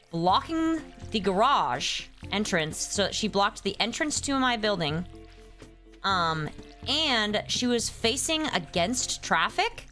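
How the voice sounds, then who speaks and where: Young female streamer, casual and exasperated, chatting over quiet music. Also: medium pitch. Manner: exasperated ranting, reads chat names aloud. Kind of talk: casual live-stream chat.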